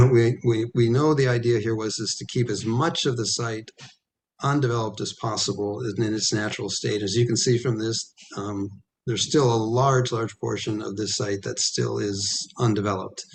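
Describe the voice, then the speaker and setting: Man presenting with frequent throat clearing. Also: on the low side, steady tone, slight background noise. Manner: halting, many ums and throat clearing. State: losing his voice. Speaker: architect presenting to a planning commission. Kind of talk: public meeting presentation. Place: town hall meeting room.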